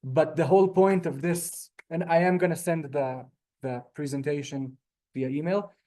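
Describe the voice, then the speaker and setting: A man's voice: fairly high pitch, normal speed, mellow. A man from Israel teaching a Hebrew class, explaining patiently step by step and answering students politely. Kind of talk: classroom lesson over video call.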